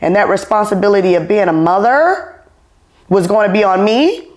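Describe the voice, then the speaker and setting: A woman hosts a casual podcast chat and tells family stories with animated energy. She laughs often as she talks. Her pitch sits in the middle range. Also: moderate pace. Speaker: podcast host.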